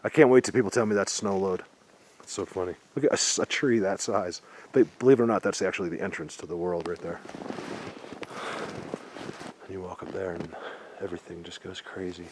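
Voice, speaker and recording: Low-voiced man rambling insistently outdoors. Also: steady tone, brisk, long pauses, noisy background. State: out of breath. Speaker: Bigfoot researcher vlogger. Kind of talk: casual outdoor vlog talk. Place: snowy forest outdoors.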